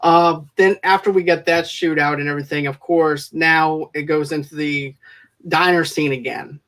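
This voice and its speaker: A man's voice: on the high side, fairly even intonation, moderate pace, fairly bright tone. A man co-hosting a casual film review podcast, recapping plot scenes in a rambling, enthusiastic way with plenty of fillers. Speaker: movie reviewer co-host.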